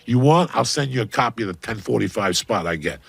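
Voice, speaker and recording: Male comedian guest, gravelly and husky, loud profane storyteller. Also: mid-range voice, animated, fairly quick, no room sound. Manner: loud, swearing, punchy bursts with sudden shouts. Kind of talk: profane comic rant and storytelling.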